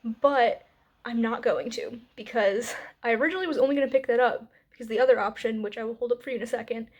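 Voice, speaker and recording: A young woman in her twenties vlogging from home about her reading, chatty and upbeat, with little laughs and quick asides. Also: a little high, darkish tone, lo-fi sound. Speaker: book vlogger. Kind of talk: casual reading vlog. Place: at home, indoors.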